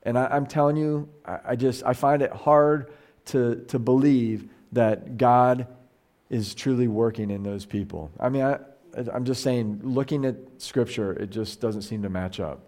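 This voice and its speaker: Animated man giving a casual sermon. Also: medium pitch, a little slow. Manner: animated, acts out quoted voices, frequent restarts. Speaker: pastor teaching a Bible study.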